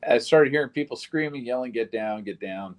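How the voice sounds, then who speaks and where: A man's voice: mid-range voice, fairly quick, poor audio. A man giving a recorded witness interview about surviving a shooting, telling it in a blunt, plain-spoken way with some swearing.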